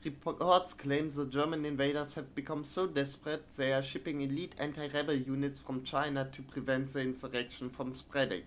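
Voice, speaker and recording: A man's voice: mid-range voice, level tone, normal speed, few pauses, a little hiss or hum. Man reading game newspapers aloud. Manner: reads in-game newspapers aloud, then trails into hesitant asides. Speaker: streamer playing a video game. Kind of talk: let's play, reading game text aloud.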